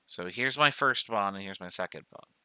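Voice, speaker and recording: A chemistry professor, male, gives a recorded lecture in a low-sitting voice that is very bright, crisp and smooth, at a normal pace. He reasons through steps out loud, counting off points and correcting himself. The audio is dry and close, without room sound.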